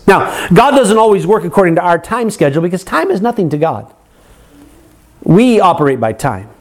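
A man preaching a sermon, earnest, asking the congregation rhetorical questions and acting out their complaints. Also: high voice.

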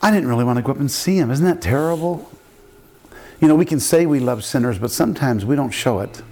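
An older man, a pastor, telling a story in a sermon and acting out the people in it with big jumps in his voice. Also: quick pace. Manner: animated preaching, acting out quotes with big pitch jumps.

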